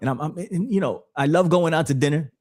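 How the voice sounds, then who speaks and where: A man's voice: fairly high pitch, fast talker, a little mellow, no echo, clean studio sound. A man from the Bronx with a New York accent, chatting casually and animatedly on a podcast, swearing freely and often repeating words. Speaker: podcast guest. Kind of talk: casual chat.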